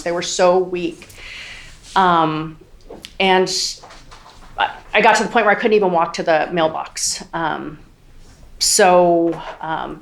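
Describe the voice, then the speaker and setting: Low, gravelly-voiced woman testifying in court. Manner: hesitant, many ums, quotes others. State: near tears. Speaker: trial witness.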